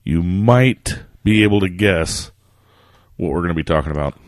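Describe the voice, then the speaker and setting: A man co-hosting a podcast, talking in a relaxed, rambling way. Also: sits low, normal speed, dry recording. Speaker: podcast co-host. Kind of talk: casual chat.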